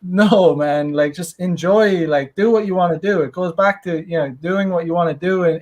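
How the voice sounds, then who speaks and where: High-voiced, rambling male podcast guest. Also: moderate pace, few pauses. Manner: loose, rambling, laughs often. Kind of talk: casual podcast chat.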